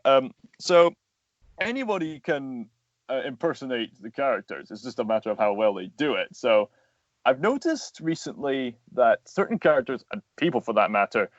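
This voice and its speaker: A man's voice: medium pitch, animated, moderate pace, no echo. A young man, a voice actor and animator, explaining his craft earnestly in a casual interview. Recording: dull lo-fi sound, dry.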